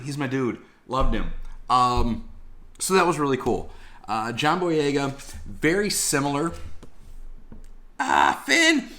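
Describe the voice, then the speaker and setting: A man telling casual vlog stories in a slangy, animated way, swearing freely. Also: medium pitch. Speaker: collectibles vlogger.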